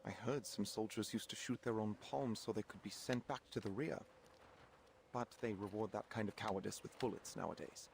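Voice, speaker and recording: An actor voicing a steady, wary army captain with a calm, deliberate delivery. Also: male voice, on the low side, gravelly, a little hiss or hum.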